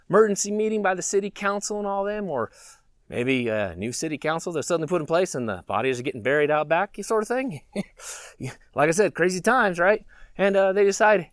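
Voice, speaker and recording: Animated, rambling male vlogger. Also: high voice, no echo, clean studio sound. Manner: rambling, chuckling, musing aloud. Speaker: prepper channel host. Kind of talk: casual vlog monologue.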